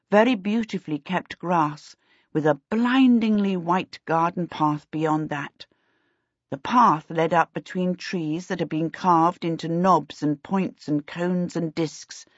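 A woman narrating a novel in a measured, even storytelling manner. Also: fairly low pitch, husky, no room sound. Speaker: audiobook narrator. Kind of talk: scripted narration. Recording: dull, dry lo-fi audiobook recording.

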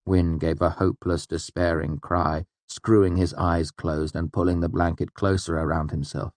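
Deep-voiced male audiobook narrator. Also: flat delivery, normal speed, hardly any pauses, a little mellow, no room sound. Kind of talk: scripted narration.

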